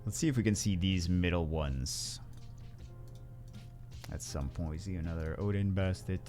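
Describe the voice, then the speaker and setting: A man's voice: sits low, normal speed, long pauses, mellow, faint music behind. A man hosting a gaming video, rambling through casual gameplay commentary with wry asides and frequent self-corrections.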